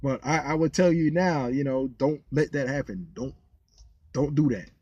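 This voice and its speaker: A man's voice: medium pitch, moderate pace, no echo, muffled recording. A man talking casually to camera, venting and telling stories in a rambling way, often repeating words. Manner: lively, incredulous when telling funny stories. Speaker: vlogger, former rideshare driver.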